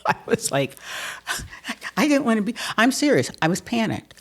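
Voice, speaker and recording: An older woman, telling stories from her life as a mayor in a lively, laughing way, often repeating words as she restarts. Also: on the high side, moderate pace, pauses often. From Pennsylvania. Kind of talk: conversational storytelling interview.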